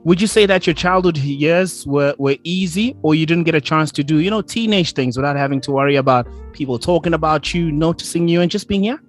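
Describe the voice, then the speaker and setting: A South African man hosts a radio interview with a fairly high voice, upbeat and playful. Faint music runs softly underneath. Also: a little fast, few pauses. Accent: South African English. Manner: upbeat, playful, talks to listeners. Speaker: radio host.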